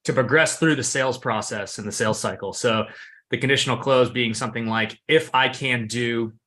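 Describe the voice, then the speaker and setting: Male trainee, bright and mid-pitched, measured recap. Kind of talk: live training session.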